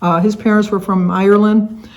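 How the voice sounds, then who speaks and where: A woman's voice: medium pitch, flat delivery, normal speed. An older woman from the Detroit area, United States, chatting casually to camera as a vlogger, rambling with lots of fillers and restarts. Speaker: vlogger hosting a tag video.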